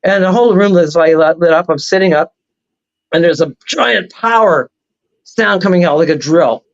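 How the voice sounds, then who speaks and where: High-voiced man telling a rambling story. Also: normal speed, gravelly, lo-fi sound. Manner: animated, rambling storyteller with laughs. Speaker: guest. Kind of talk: casual storytelling on a talk show.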